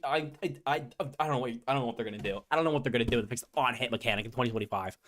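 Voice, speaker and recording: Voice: medium pitch, racing, a bit bright. A card game content creator ranting casually to viewers, exasperated and sarcastic. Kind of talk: casual ranting playtest chat.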